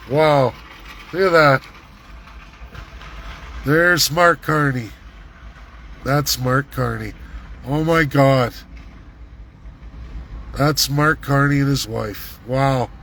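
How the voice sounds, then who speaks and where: A middle-aged man, live-vlogging from a city street on his phone, ranting and repeating excited exclamations. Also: medium pitch, a little hiss or hum, poor audio. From Canada. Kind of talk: live street vlog commentary. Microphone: handheld phone camera.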